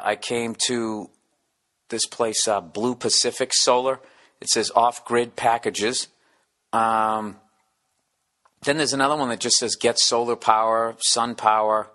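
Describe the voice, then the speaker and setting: A man hosting a solo podcast, rambling and ranting with lots of swearing and acting out little scenes. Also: mid-range voice. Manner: profane, ranting, acts out bits in character voices; drops to a hushed near-whisper in acted scenes. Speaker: podcast host.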